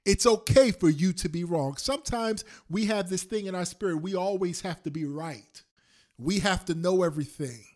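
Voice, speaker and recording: A male pastor preaching a sermon on a prayer call, repeating lines slowly for emphasis and swinging between loud and soft. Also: sits high. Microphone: phone call.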